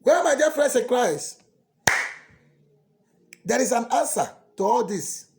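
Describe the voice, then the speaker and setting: A man, a priest preaching a sermon that swings dramatically between soft pleading and loud cries. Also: extremely high pitch, very animated, takes it slowly, slight background noise.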